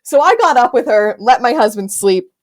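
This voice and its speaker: A young woman hosting a podcast, talking with a chatty run of fillers and quick asides. Her voice sits a little high, and she sounds easy and conversational. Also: lively intonation. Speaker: podcast host. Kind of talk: casual chat.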